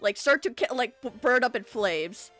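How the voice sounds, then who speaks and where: A woman's voice: fairly high pitch, animated, moderate pace, fairly bright tone, soft background music. A woman running a tabletop game as game master, casual, laughing often and swearing.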